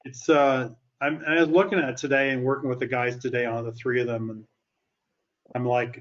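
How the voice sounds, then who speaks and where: A male co-host chatting casually, enthusiastic and halting as he talks. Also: mid-range voice, flat delivery. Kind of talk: casual chat. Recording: slightly dull lo-fi sound.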